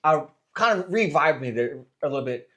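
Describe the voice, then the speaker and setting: A man's voice: on the high side, animated, a little fast, pushed and bright, lo-fi sound. A man hosting a podcast interview, asking friendly questions and cracking dry jokes. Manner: jokey, friendly questions, says dude and man. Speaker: podcast host.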